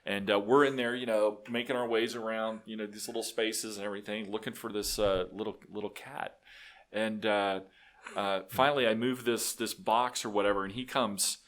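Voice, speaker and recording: Man, guest storyteller, animated, restarts a lot, lowish voice, bright edge. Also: normal speed. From Texas. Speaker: guest, business owner. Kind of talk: casual storytelling.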